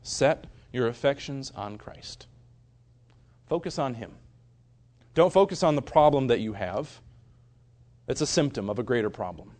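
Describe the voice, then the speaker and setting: Earnest young preacher, loud then hushed. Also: male voice, mid-range voice, lively intonation, a little slow, pauses often. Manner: earnest, swings from loud emphasis to soft hushed tones. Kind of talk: sermon.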